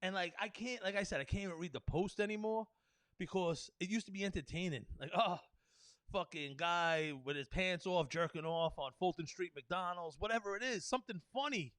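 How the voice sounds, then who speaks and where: A man's voice: sits high, brisk, fairly bright tone, dry recording. A man hosting a podcast, ranting in an unscripted monologue, profane and rambling, stumbling over restarts and laughing at his own jokes. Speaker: podcast host.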